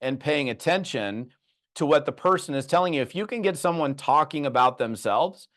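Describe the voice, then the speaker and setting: A middle-aged man giving an animated sales training, telling stories and acting out quick bits of dialogue. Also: on the high side. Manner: lively storytelling with acted-out dialogue. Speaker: network marketing trainer.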